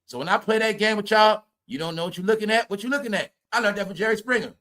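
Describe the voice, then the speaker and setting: A man hosting a profane gossip commentary stream, loud and mocking, repeating phrases and laughing at his own jokes. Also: high-pitched, fast. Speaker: commentary channel host.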